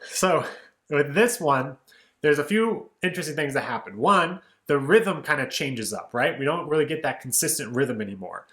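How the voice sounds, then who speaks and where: A man teaching a casual lesson on song lyrics, relaxed and explanatory, often asking "right?" and speaking lines in rhythm. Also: a little high, moderate pace, reverberant. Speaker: music educator.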